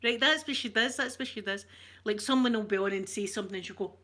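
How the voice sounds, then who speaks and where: A Scottish woman with a bright, clear voice talks straight into a close mic. She rambles from one joke to the next and answers her viewers' comments as they come in. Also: medium pitch, fast. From Scotland. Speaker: ASMR channel host. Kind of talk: chatty live-stream talk.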